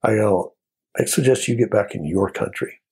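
An older American man tells a story in an interview with a gravelly, husky voice. His tone is dark and mellow, and he brings his story to life by acting out the voices of the people in it. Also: fairly low pitch, normal speed. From United States. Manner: animated storyteller, acts out quoted voices. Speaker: former border patrol agent.

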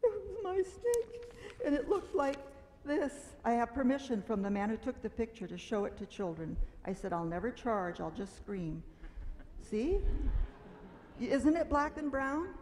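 This woman's voice sits a little high, and she tells a children's story at a church service with big, dramatic exclamations. She gets animated and acts out the frightened cries as she goes. Her words ring out with a long tail of reverb through a large meeting hall. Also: measured pace, slight background noise.

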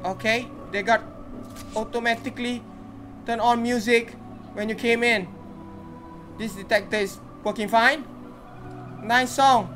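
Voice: medium pitch, fairly even intonation, a little slow, long pauses, fairly bright tone, soft background music. A gamer giving casual commentary while playing, chatting to the characters and reacting aloud.

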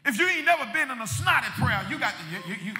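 A male pastor preaching a sermon, repeating words and building up to shouted peaks. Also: very high-pitched, very animated, quick pace, music in the background. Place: church sanctuary. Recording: long reverb of a church hall.

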